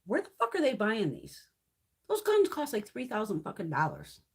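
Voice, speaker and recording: A woman's voice: mid-range voice, wildly swooping pitch, moderate pace, breathy edge. A woman in her fifties hosting a casual beauty livestream, talking bluntly and swearing constantly as she rants. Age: 50s. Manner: profane, blunt ranting. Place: home, mountain area.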